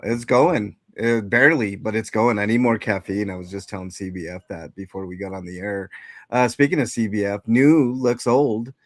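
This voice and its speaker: A man's voice: fairly low pitch, steady tone, moderate pace, no room sound, studio quality. A man hosting a casual livestream chat, greeting viewers and rambling with many fillers and restarts. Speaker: livestream host.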